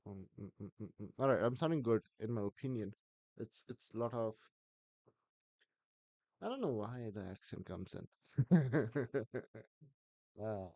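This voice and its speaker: A man chatting on a live stream, thinking aloud and halting with restarts. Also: fairly low pitch, animated, vocal fry, warm tone, no room sound, dull audio. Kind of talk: casual live-stream talk.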